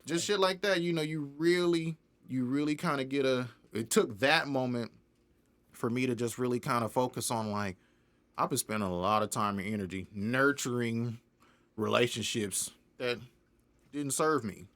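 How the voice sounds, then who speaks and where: Animated young man telling a story. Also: mid-range voice, moderate pace. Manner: animated, laughs often, acts out other people's lines. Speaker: independent music artist, guest. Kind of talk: casual interview storytelling.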